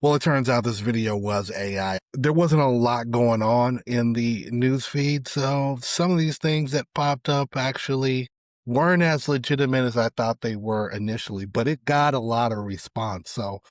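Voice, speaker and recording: A middle-aged man hosting a solo podcast, giving casual, opinionated commentary on social media posts. His voice often drops away quietly at the end of phrases. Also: mid-range voice, moderate pace, no room sound, studio quality. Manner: conversational, opinionated, trails off quietly at phrase ends. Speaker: podcast host.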